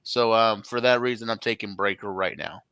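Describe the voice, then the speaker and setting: A man's voice: lowish voice, fairly even intonation, normal speed, sharp tone, clean tone, dry recording. A man co-hosting a casual wrestling podcast, rambling and joking, swearing freely. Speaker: podcast co-host.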